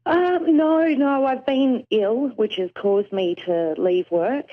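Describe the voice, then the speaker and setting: A friendly Australian woman calling in, with a slightly high voice and brief, easygoing replies. She is heard over a dull, lo-fi phone-in line. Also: takes it slowly. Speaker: caller. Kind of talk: phone-in conversation.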